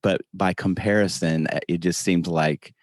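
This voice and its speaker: A man from the American South with a Southern accent, a podcast guest talking slowly and unhurriedly with self-deprecating humor. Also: low voice, steady tone, dry recording, clean studio sound. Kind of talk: casual interview chat.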